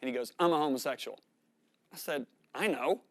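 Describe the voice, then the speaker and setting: A middle-aged man preaching, telling a story with animated, dramatic shifts in voice as he acts out the dialogue. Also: fairly quick, dry recording, studio quality. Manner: animated storytelling, acting out dialogue with sharp rises in pitch and volume. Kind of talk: sermon storytelling.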